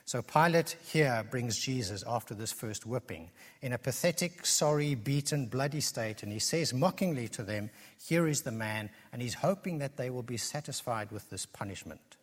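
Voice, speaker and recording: A man's voice: mid-range voice, expressive, moderate pace, breathy edge. A man preaching an earnest expository sermon, building his points through emphatic repetition. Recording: long reverb of a large hall.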